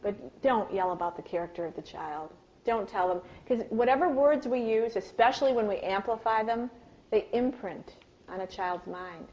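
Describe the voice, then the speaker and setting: A woman giving a live workshop talk on parenting, telling animated personal stories and asking her audience questions. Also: moderate pace, lo-fi sound. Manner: acts out yelled lines in a high, loud voice. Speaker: parenting and communication speaker.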